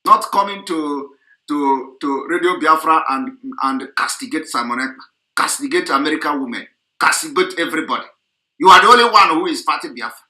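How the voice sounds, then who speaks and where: A man's voice: a little high, animated, fairly quick, sharp tone, reverberant. A man delivering a heated, repetitive, scolding political rant on an online radio broadcast.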